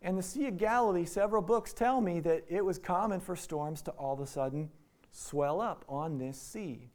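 A man's voice: high-pitched, moderate pace, darkish tone. A man from Iowa preaching a sermon in a conversational way, acting out the quoted lines. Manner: conversational, acts out quotes in voices. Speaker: pastor.

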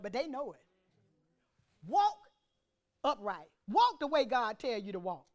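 A woman with a high voice preaches to a church congregation. Her pitch leaps and falls freely as she moves between loud declarations and hushed asides. She calls out to the room and draws answers back. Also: very animated, measured pace. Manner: call-and-response preaching, swings from loud to hushed. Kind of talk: sermon.

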